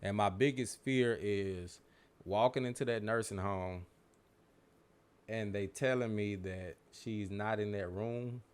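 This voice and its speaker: Male podcast host, easygoing and conversational, home-recorded solo talk. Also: fairly low pitch. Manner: relaxed, conversational, Southern US slang. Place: home studio room. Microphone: studio microphone.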